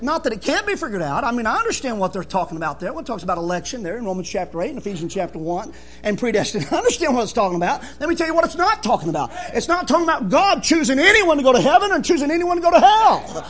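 Fervent high-voiced male preacher. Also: big pitch swings, fast talker. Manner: fervent, emphatic, swings from soft to loud. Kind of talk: evangelical sermon.

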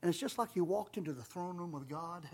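Animated, high-voiced male preacher. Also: a little fast, breathy edge. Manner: emphatic, rises loud on key phrases, warm asides; calls audience folks, says amen often. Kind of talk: sermon.

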